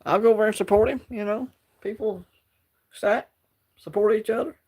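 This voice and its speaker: A man's voice: high voice, moderate pace, a little mellow, slightly rough. A man with an Alabama Southern accent hosting a casual livestream, chatting in a laid-back, rambling way and greeting viewers by name. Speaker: livestream host.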